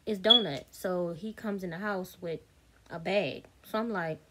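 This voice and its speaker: A woman's voice: on the low side, measured pace, heavy background noise. A woman, telling a storytime vlog straight to her viewers, candid, blunt and swearing freely. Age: 30s. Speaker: vlogger.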